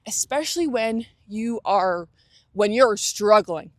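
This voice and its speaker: A woman's voice: medium pitch, lively intonation, slow pace, no room sound. A young adult woman hosting a motivational talk, speaking earnestly with frequent restarts and acted-out inner thoughts. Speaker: host.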